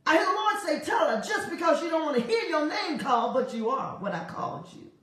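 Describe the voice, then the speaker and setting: High, animated preaching woman, echoey. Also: fairly quick, recorded from a distance. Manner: animated, laughing often, repeating phrases in a rhythmic preaching cadence. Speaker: prophetic minister. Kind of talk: prophetic word during a prayer broadcast.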